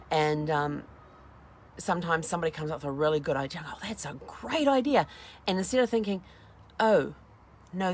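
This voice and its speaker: A woman's voice: deep voice, a little hiss or hum. A middle-aged woman hosting a casual motivational talk, chatty and acting out little dialogues as she goes. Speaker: host.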